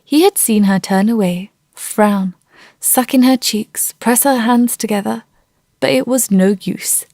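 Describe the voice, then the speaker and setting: Female audiobook narrator, measured and gentle, dry close sound. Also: fairly high pitch, dry recording. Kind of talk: scripted narration.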